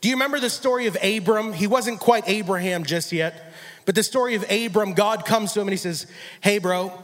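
A man with a very high voice preaches with energy, driving points home by repetition. He voices biblical figures in quick back-and-forth dialogue. The sound rings with the long reverb of a church. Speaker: guest speaker. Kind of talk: sermon.

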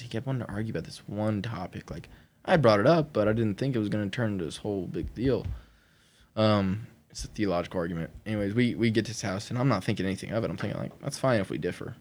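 A young man telling his personal testimony in casual conversation, animated, laughing often and acting out what people said. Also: fairly low pitch. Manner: animated, acts out quoted voices, laughs often.

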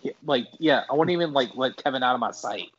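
A man's voice: mid-range voice, expressive, fast talker, fairly bright tone, breathy edge, lo-fi sound. A man chatting on a podcast, dropping short, wry remarks and laughing. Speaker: podcast guest. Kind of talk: casual chat.

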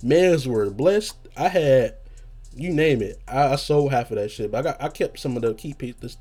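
A man hosting his own show, telling a rambling casual story with a just-woken hoarse voice and a habit of saying "you know what I'm saying". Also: medium pitch, a little fast, dark tone. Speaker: podcast host.

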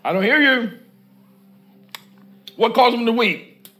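A man's voice: extremely high pitch, lively intonation, slow pace, pushed and bright, soft background music. A man preaching a sermon, reading scripture and calling on the congregation to answer his repeated questions. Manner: reads scripture and stops to comment. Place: church with congregation.

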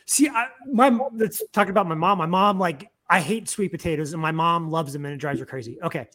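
High-voiced, playful male podcast host. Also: fairly quick, fairly bright tone. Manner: playful, teasing interviewer. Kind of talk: casual interview chat.

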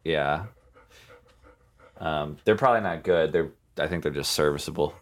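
Deep-voiced laid-back young man. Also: moderate pace. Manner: laid-back, frequent short agreements. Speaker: podcast co-host. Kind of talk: casual chat.

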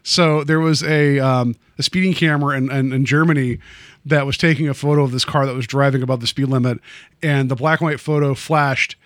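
This podcast host is a man with a medium-pitched, steady voice who talks a little fast. He chats casually and rambles, leaning on fillers and restarts, and the studio recording is clean with no echo.

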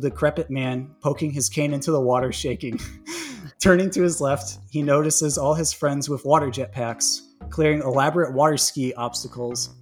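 A man narrating a comic story with playful, casual delivery and laughs between lines. His pitch sits at a medium, everyday level. Faint music plays underneath.

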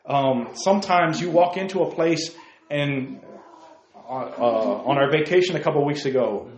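Conversational pastor preaching in an echoey church. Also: male voice, on the high side, normal speed, darkish tone. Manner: conversational, asks the congregation questions. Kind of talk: sermon.

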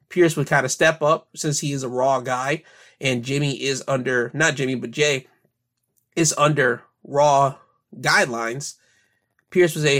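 Man, podcast host, casual wrestling recap, somewhat high voice, rambling with fillers. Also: fairly even intonation, normal speed, fairly bright tone. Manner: recounts events in future tense, filler-heavy.

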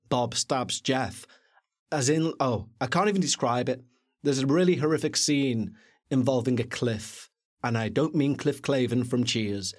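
A man co-hosting a podcast, reviewing a film in a chatty, jokey, animated way. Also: mid-range voice. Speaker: podcast co-host. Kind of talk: casual film review chat.

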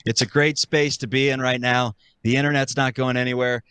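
A man's voice: medium pitch, fairly even intonation, fairly quick, pushed and bright, smooth, no room sound. A man, a former TV broadcaster, chatting casually as a guest, laid-back with many fillers. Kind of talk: casual chat.

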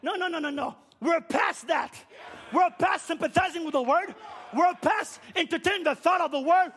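Guy preaching loud and high-pitched, hammering the same question again and again. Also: moderate pace, some chatter behind. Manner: shouting, repetitive rhetorical questions, swings to low quiet passages. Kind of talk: fiery sermon.

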